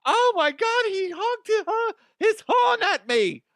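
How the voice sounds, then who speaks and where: A man's voice: very high voice, sing-song, slow, a bit bright, no echo, studio quality, pitched above the performer's own voice, exaggerated voice. A man putting on a self-pitying woman driver who gasps and complains melodramatically. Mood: aggrieved. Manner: gasping, melodramatic, whiny.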